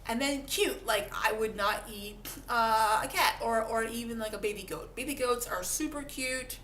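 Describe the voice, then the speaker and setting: A woman vlogger chats casually to camera at a moderate pace, her voice on the high side and a bit bright. She's self-mocking, often repeats words, and does little voices for animals. The room is echoey with faint background noise.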